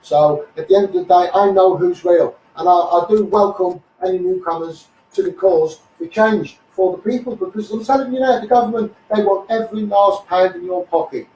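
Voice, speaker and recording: A man with a Liverpool accent, hoarse, ranting combatively on a live stream and calling viewers mate. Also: high-pitched, normal speed, few pauses, darkish tone, a little hiss or hum. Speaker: activist livestreamer. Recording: echoey, mic held at a distance.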